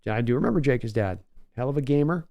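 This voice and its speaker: A man's voice: mid-range voice, animated, fast talker, vocal fry, mellow, no echo, lo-fi sound. A man hosting a casual livestream, chatting loosely and answering viewers' comments by name. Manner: rambling, conversational, reads out viewer names. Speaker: host.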